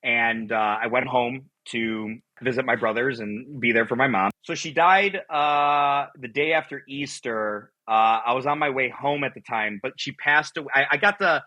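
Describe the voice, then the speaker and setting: A middle-aged man from Buffalo, New York, telling a personal story as an interview guest, animated and rambling, often acting out quotes. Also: medium pitch, moderate pace, hardly any pauses, lo-fi sound.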